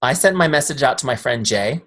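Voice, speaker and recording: A man's voice: medium pitch, lively intonation, brisk, a bit bright. A man giving a casual live training over a video call, telling stories and often checking that his listeners follow. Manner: chatty, storytelling, asks "make sense?" often. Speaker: software founder teaching a training.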